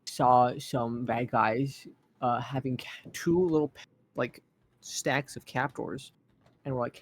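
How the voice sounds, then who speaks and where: A man's voice: mid-range voice, steady tone, measured pace, a little hiss or hum. A man casually recapping a tabletop game session, rambling with fillers and acting out characters' lines. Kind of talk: casual chat.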